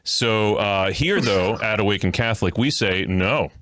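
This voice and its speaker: A man's voice: fairly low pitch, moderate pace, fairly bright tone, dry recording. A man hosting a podcast interview, joking and rambling with many fillers. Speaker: podcast host. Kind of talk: casual interview chat.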